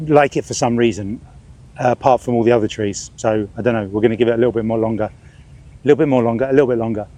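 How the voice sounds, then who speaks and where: This is casual outdoor vlog narration from a middle-aged man in a park, his mid-range voice warm. He chats in a stop-start way while watching birds, sweating and slapping at ants and bugs.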